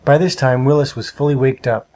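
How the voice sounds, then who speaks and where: A man narrating a storybook with a steady, measured reading. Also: mid-range voice, poor audio.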